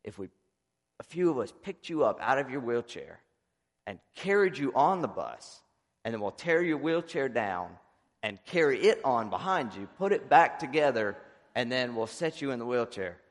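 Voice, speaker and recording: A man doing a slow-talking Irish country guy. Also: mid-range voice, sing-song, long reverb tail, pitched above the performer's own voice. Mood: earnest. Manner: slow, hesitant, friendly.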